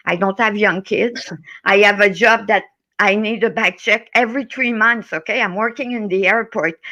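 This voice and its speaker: A woman's voice: mid-range voice, pushed and bright, lo-fi sound. A middle-aged woman with a French Canadian accent, ranting angrily on a live stream, swearing and tagging "okay?" onto her sentences. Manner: heated, swearing, repeats "okay?". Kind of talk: angry rant in a live chat.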